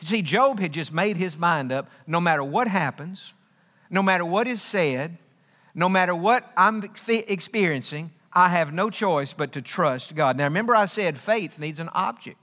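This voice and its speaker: A man preaching with a high, bright, ringing voice that carries through a big, echoing sanctuary. He hammers his points home through repetition and folksy asides. The long reverb trails after each phrase. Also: animated, moderate pace. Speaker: pastor. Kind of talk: sermon. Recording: long reverb of a large hall.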